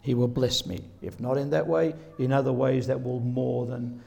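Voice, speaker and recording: A man's voice: mid-range voice, steady tone, normal speed, vocal fry, darkish tone. A man preaching a sermon in an earnest way, often voicing the words of scripture figures as he goes. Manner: earnest, rises sharply when quoting.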